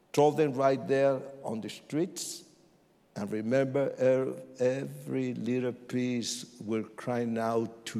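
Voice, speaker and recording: A man acting out a fearless young male street preacher who swings between hushed pleading and screamed dares. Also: mid-range voice, in a large hall.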